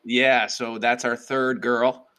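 A man's voice: medium pitch, little pitch movement, slow pace, bright, forceful tone. A man in his thirties, a guest educator and author, chatting casually and upbeat with many fillers in an interview.

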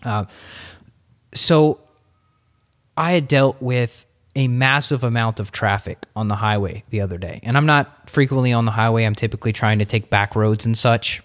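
Male podcast host, expressive, chatty, middle-pitched voice. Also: normal speed. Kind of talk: casual interview chat.

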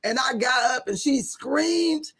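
A woman co-hosting a casual podcast, telling funny stories in an animated way and laughing through them. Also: sits high, measured pace, gravelly, over a noisy crowd. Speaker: podcast co-host. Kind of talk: casual chat, storytelling.

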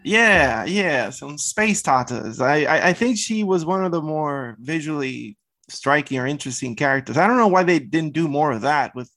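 A man's voice: on the high side, lively intonation, moderate pace, a bit bright. A man co-hosting a casual movie-review chat, bantering loosely and swearing. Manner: laid-back, profane banter. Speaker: podcast co-host.

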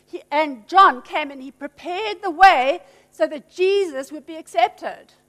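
Lady preaching, really high voice, bouncy and playful, big echoey hall. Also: unhurried. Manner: animated, teasing, emphatic, laughing asides. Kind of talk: sermon. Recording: long hall reverb.

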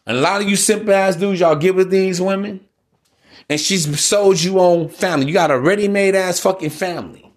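A man's voice: sits high, normal speed. A man hosting a solo podcast, ranting in a blunt, preachy, profane way. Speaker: podcast host.

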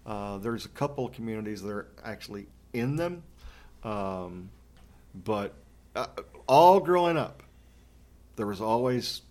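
Dude casually rambling through a story, lots of ums and likes. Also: male voice, fairly low pitch, measured pace, pauses often. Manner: relaxed storyteller, rambling with fillers. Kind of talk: casual chat.

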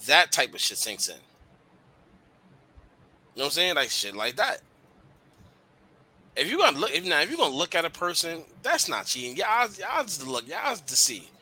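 A man's voice: on the high side, wildly swooping pitch, moderate pace, long pauses, bright, forceful tone, husky. A young man hosting a casual podcast, talking bluntly about relationships with lots of slang and swearing. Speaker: podcast host.

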